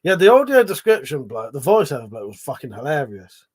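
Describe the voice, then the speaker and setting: A man's voice: a little high, very animated, a little fast, slightly rough. A man hosting a casual livestream, rambling, swearing freely and reading viewers' chat aloud. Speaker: livestream host.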